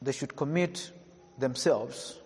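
A man preaching a sermon to a congregation, emphatic, slowing down to read scripture and repeating questions to his listeners. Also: mid-range voice, a little mellow. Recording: echoey hall with long reverb.

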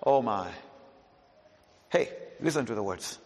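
A man's voice: mid-range voice, lively intonation, slow, darkish tone. A man preaching a sermon, asking the congregation questions and repeating lines for emphasis. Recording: echoey hall with long reverb.

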